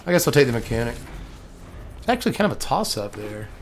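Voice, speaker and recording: A man's voice: mid-range voice, fast, a little hiss or hum. A man commenting casually on his own online card game, talking to himself and ranting in exasperation when plays go wrong. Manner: animated, talks to himself and the game, exasperated rants. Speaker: gameplay streamer.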